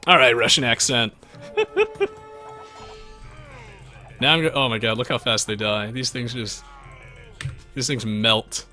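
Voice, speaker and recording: Lively, animated man streaming a game. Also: medium pitch, slow pace, pauses often, faint music behind. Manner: animated, chatty, jumps between game and viewers. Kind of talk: live gameplay commentary, reading chat.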